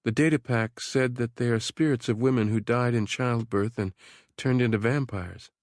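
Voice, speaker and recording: A man's voice: medium pitch, normal speed, no echo, studio quality, pitched above the performer's own voice, natural voice. A man voicing a brave, scholarly young woman in an audiobook, speaking with commanding conviction. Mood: calm explaining. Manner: commanding, fervent prayer delivery. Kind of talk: audiobook character voice.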